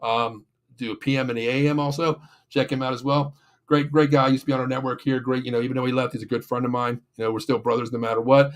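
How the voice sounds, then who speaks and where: A man's voice: medium pitch, level tone, fast talker. A man from the Pittsburgh area, hosting a sports show and venting in a rambling, casual rant full of fillers and restarts, then reading sponsor spots. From Pittsburgh area, USA.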